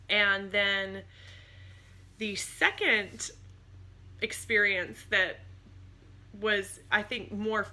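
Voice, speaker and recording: A woman vlogging on a phone camera, telling personal stories in a casual, animated way and laughing often. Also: mid-range voice.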